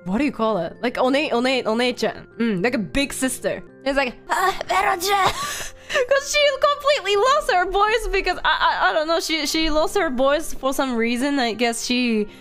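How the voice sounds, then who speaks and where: A woman's voice: sits high, normal speed, few pauses, a bit bright, faint music behind. A woman chatting casually in a bubbly way, laughing between words. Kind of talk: casual chat.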